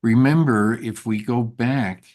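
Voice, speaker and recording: A man leading a group Torah study who is slowly losing his voice, talking in a halting way with many fillers and restarts. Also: mid-range voice, a little mellow. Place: synagogue study room.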